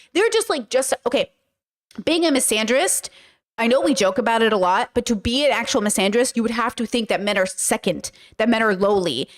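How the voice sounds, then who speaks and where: A woman commentator talking in an emphatic, sarcastic manner. Her voice sits fairly high for a woman. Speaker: commentary host. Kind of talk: casual commentary.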